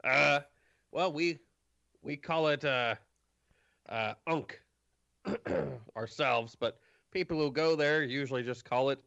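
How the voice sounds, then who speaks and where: A man playing a gruff, grumpy half-giant who grumbles rudely with halting pauses. The voice has a low gravelly fry and sounds dry and slightly dull. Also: a bit bright, no room sound. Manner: grumbling, rude, hesitant.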